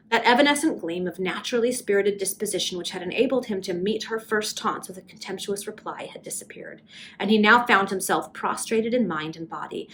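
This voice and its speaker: A woman's voice: medium pitch, a little hiss or hum. Woman reading a Victorian novel aloud. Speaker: reader.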